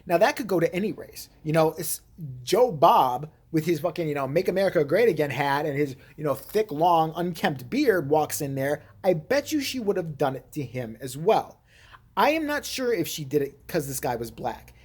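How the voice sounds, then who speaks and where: A woman's voice: low-pitched, big pitch swings, normal speed, darkish tone, breathy edge. A woman vlogger giving blunt, heated, profane commentary and telling a story.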